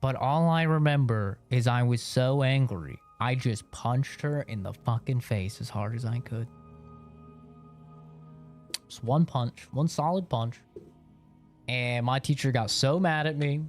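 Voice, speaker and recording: A man's voice: mid-range voice, a little slow, faint music behind. A young man streaming a game, casually telling a childhood story, laid-back and swearing freely with bursts of laughter. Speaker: gaming streamer.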